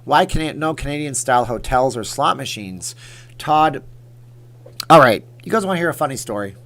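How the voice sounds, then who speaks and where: A man's voice: mid-range voice, lively intonation, moderate pace, a bit bright. A man hosting a casual livestream and chatting with viewers, teasing them about a funny story. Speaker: livestream host.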